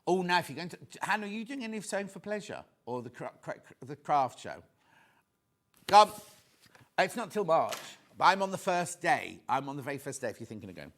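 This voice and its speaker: A man presenting on a TV shopping channel, chatting excitedly and tossing quick asides to viewers and crew. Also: on the high side. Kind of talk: live TV selling chat.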